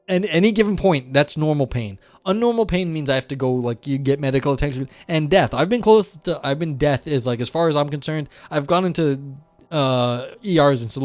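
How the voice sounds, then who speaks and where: A man's voice: mid-range voice, expressive, fairly quick, no room sound, soft background music. A man talking casually on a livestream, rambling and blunt, calling himself a curmudgeon while reading chat.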